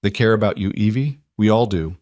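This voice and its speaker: A man voicing a warm, teasing young woman who gently urges her sister on. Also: on the low side, a little fast, dry recording, clean studio sound, lightly acted. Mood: coaxing. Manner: affectionate and coaxing.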